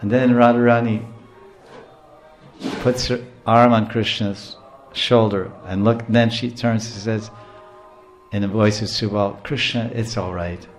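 A man giving a devotional storytelling lecture, animated, chuckling often and explaining terms as he goes. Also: fairly low pitch, unhurried, long pauses, echoey room, faint music behind. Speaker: preacher.

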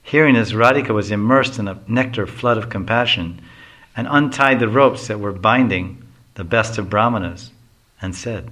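A man reading a devotional story aloud with a bright, clear voice. He breaks off now and then for casual explaining asides. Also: fairly low pitch, normal speed. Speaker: reader.

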